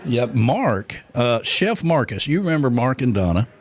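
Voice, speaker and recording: A man's voice: medium pitch, big pitch swings, moderate pace. A man, co-hosting a casual radio show and telling rambling stories full of fillers. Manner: rambling storyteller, many fillers and laughs. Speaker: radio co-host.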